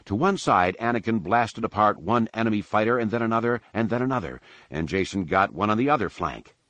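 A man giving a measured, dramatic audiobook narration of an action story. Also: lowish voice, animated, fairly bright tone, dry recording. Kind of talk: scripted narration.

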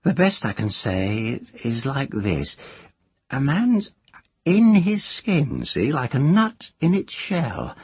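A man voicing an old, earthy village witch woman who talks in a rustic country dialect with a drawn-out, sing-song lilt. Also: medium pitch, wildly swooping pitch, darkish tone, breathy edge, no echo, pitched above the performer's own voice, full character voice. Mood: folksy, musing. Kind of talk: audiobook character voice.

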